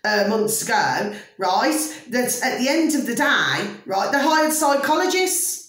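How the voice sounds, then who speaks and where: A woman's voice: on the high side, sing-song, a little slow, a bit bright, heavy reverb, recorded from a distance. A woman vlogger in an opinionated monologue, emphatic and ranting, forever asking her viewers if they see what she means. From United Kingdom.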